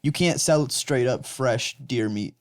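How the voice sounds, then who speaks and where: A man's voice: mid-range voice, slow pace. Rambling young podcast co-host guy. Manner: rambling, swears often, lots of fillers. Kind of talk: casual chat among friends.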